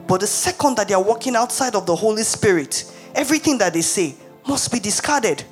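A woman preacher giving a sermon, retelling scripture in an animated, emphatic way. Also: medium pitch, brisk, soft background music.

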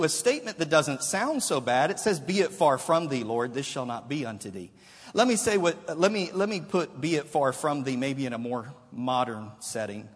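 A male preacher delivers an animated sermon with a high, husky voice. He moves between scripture readings and casual paraphrase. His voice rings out with the long reverb of a large hall.

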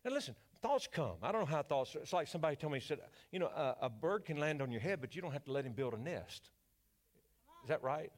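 A man preaching a sermon in church, building from calm teaching to fervent declarations and prayer. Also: on the high side, fast talker. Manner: preachy call-and-response, rising to fervent declarations. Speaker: pastor.

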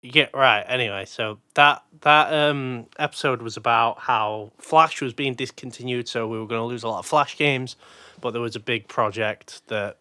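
A man's voice: mid-range voice, moderate pace, pushed and bright, no room sound. A man co-hosting a podcast, laid-back and teasing his co-host. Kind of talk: casual chat.

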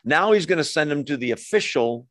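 A man's voice: on the high side, expressive, a little fast, a bit bright, no room sound, studio quality. A man leading a Bible study, teaching verse by verse in a conversational way, with frequent asides and self-corrections.

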